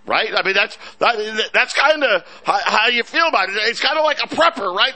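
A man hosting a markets talk show, animated and sarcastic, full of restarts and asides. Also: high-pitched, normal speed, few pauses. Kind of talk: market commentary chat.

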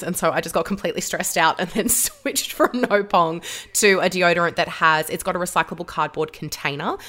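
A woman hosts a podcast in easy, rambling conversation, padding her sentences with "um" and "you know". Her voice sits somewhat low for a woman. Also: fairly bright tone. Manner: chatty, rambling, many fillers. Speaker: podcast host. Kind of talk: casual chat.

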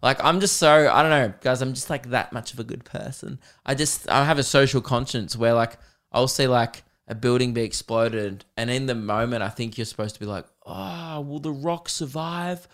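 A man's voice: medium pitch, brisk. Young aussie guy on his podcast, swearing and making fun of himself. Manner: animated, self-mocking, swears freely. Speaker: podcast host. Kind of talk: casual comedic rant.

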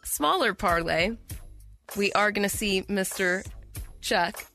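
Female co-host on sports radio, bright tone, playful and laughing, faint music behind. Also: medium pitch, lively intonation, slow pace, vocal fry. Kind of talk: casual sports radio banter.

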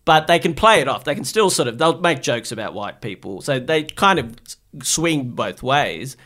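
Middle-aged guy from bangladesh, guest on a chat, thinks out loud, voice moves around a lot. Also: medium pitch, very animated, normal speed. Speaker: guest psychiatrist. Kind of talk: casual chat.

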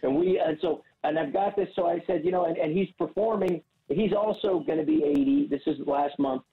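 A man's voice: sits high, lively intonation, brisk, creaky. American man rambling over a tinny line. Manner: rambling, stammering restarts. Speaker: podcast guest. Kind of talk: casual storytelling.

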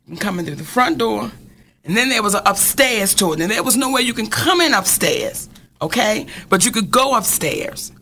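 A woman hosting a podcast, telling a story in an animated, casual way and swearing freely. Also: mid-range voice, normal speed, slight background noise. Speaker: podcast host.

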